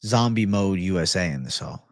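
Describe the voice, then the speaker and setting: A man hosting a casual livestream and chatting with viewers, animated and profane. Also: sits low, a little fast, dry recording, clean studio sound. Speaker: livestream host.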